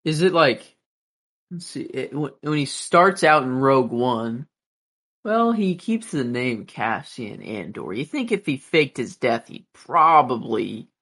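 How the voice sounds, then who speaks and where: A man in casual chat, eager and restless, thinking out loud. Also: mid-range voice, very animated, measured pace, husky.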